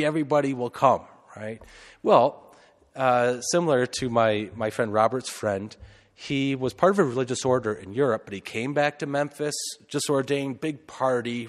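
A man's voice: medium pitch, big-room sound. A man, a priest, telling a loose, conversational story in a homily, full of fillers and asides.

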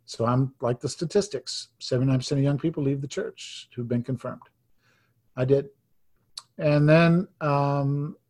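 A husky-voiced man in his fifties preaches to a congregation, telling his story in earnest. His voice drops to a near hush and then rises with emphasis. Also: mid-range voice. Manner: earnest storytelling, swings between hushed and emphatic. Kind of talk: sermon testimony.

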